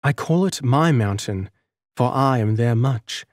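A man's voice: medium pitch, expressive, measured pace, no echo, studio quality. A man voicing a sorrowful young village girl. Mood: wistful. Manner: soft, earnest and wistful delivery. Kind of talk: audiobook character reading.

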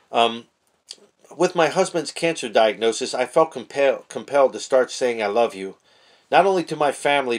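A man preaching casually to camera, fervent, swinging between hushed earnest talk and shouted praise, with street slang. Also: mid-range voice. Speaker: online preacher.

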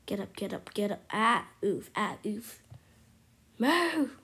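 A woman giving excitable commentary on her gameplay, exclaiming and at times whispering to her viewers. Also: fairly high pitch, takes it slowly. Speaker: gameplay streamer.

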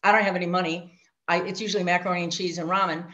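A middle-aged woman sharing her life story, animated, acting out voices and speaking asides to her listeners. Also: lowish voice, rapid-fire. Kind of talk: personal testimony talk. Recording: dull lo-fi audio.

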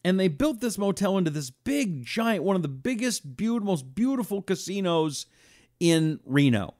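A man's voice: high voice, normal speed, no echo, studio quality. A man hosting a talk radio show, telling stories and acting out quotes. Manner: animated storytelling, acting out quotes.

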